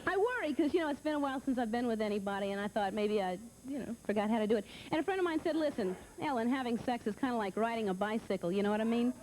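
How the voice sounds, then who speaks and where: Woman, high voice, halting deadpan stand-up, faint club noise. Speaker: comedian. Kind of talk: stand-up comedy.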